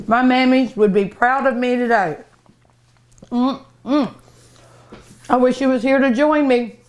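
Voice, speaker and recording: Unhurried middle-aged woman, cooking show host, tasting and humming. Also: medium pitch. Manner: savoring food aloud with many hums.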